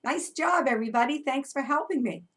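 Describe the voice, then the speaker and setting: An early childhood educator leads a toddler story time with movement, sounding animated and encouraging. Her voice is high-pitched and a little fast, and the mic sits at a distance.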